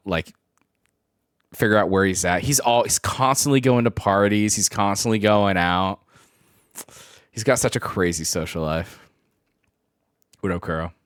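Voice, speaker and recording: This live streamer, a man in his twenties, has a low voice and keeps up casual chatter with viewers, full of rambling stories and frequent laughter. The audio is clean studio sound with no echo.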